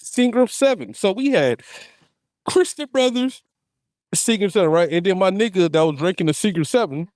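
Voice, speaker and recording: A man with a high, lively voice tells rambling stories on his podcast, laughing easily and leaning on loose slang. His pitch leaps around as he talks. The sound is dry and close, with no room echo. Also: moderate pace. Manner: animated storyteller, laughs often, loose slang. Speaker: podcast host. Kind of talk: casual podcast chat. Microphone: studio podcast mic.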